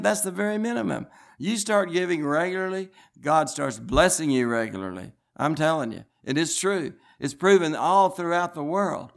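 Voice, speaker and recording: A man's voice: on the high side, animated, moderate pace, gravelly. Preacher guy telling a long story in a sermon, earnest and pushy, keeps restarting his sentences. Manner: rambling storytelling with frequent restarts; earnest, insistent.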